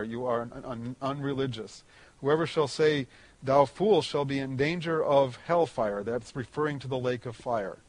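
A man preaching a sermon, explaining a Bible passage verse by verse in a conversational way, rising in pitch and volume on emphatic points. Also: no echo.

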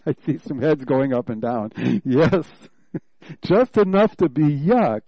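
A man preaching an expository sermon, reading scripture aloud and unpacking the wording verse by verse. His voice sits a little high for a man and rises when he acts out God's words. The recording is dry and a bit muffled, with no room echo. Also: takes it slowly. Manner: expository Bible teaching, reads scripture aloud, animated when voicing God.

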